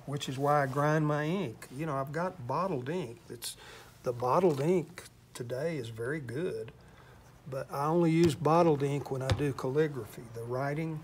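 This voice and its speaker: A man's voice: mid-range voice, slight background noise. An older man from Texas with a Texan accent, chatting casually about his painting in an interview, rambling and self-deprecating. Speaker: interviewed artist.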